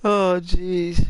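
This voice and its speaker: A man's voice: high-pitched, dry recording. A man chatting casually while playing a game, telling rambling anecdotes with frequent chuckles and fillers. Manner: rambling storyteller, chuckles often, many fillers. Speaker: gaming channel host.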